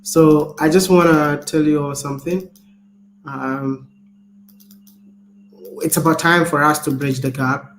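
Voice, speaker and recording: A man's voice: fairly high pitch, measured pace, pauses often. A Ghanaian man, a travel vlogger with a Ghanaian accent, chatting casually and animatedly, often restarting his words. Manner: animated, laughs often, repeats words when starting. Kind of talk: casual chat. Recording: echoey room, faint background noise.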